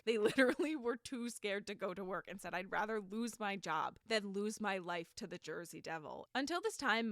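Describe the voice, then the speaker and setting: A woman's voice: medium pitch, a bit bright, no echo, studio quality. Sarcastic, chatty woman podcaster. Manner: sarcastic, chatty, frequent "like" fillers and laughter. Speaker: podcast host. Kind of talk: casual solo podcast storytelling.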